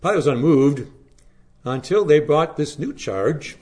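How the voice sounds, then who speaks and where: A man preaching a Good Friday sermon, reading scripture aloud, then preaching in an earnest, measured way with dramatic rises and hushed drops. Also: a little high, lively intonation. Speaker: pastor.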